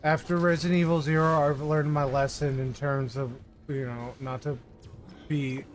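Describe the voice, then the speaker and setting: A man's voice: on the high side, little pitch movement, normal speed, soft background music. Tipsy, rambling male gamer. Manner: rambling, apologetic. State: intoxicated. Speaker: gaming streamer. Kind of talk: casual let's-play commentary.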